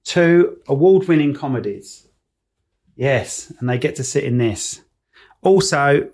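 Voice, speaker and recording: A man's voice: medium pitch, animated, vocal fry, a little mellow. A man co-hosting a podcast in a studio, joking and teasing in casual chat. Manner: joking and teasing, quick restarts. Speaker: podcast co-host.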